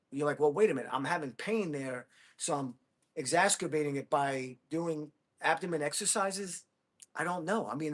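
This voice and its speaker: A man in his fifties hosts a livestream, chatting casually with viewers and drifting between thoughts while calling them buddy and bro. His voice is a little high for a man, and his manner is relaxed and friendly.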